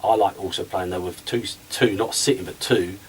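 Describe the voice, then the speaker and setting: Ex-footballer telling animated stories. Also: male voice, sits low, moderate pace, distant mic, slight background noise, low-quality recording. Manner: animated storyteller, acts out conversations. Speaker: guest, former footballer. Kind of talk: radio interview chat.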